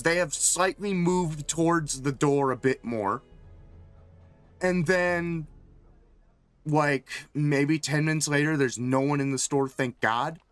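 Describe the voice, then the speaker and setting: A man with a slightly higher voice tells a long, meandering story on his stream, swearing freely and leaning on filler words. Faint music runs under his talk. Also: fairly bright tone, smooth. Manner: rambling, profane, lots of fillers. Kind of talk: casual storytelling on a game stream.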